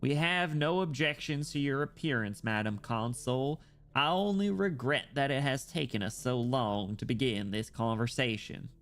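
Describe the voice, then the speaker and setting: A serene older inquisitor lord, as a streamer reads him out, speaking slowly and gravely in a mid-pitched male voice. His composure never slips. Faint game music plays underneath. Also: fairly bright tone.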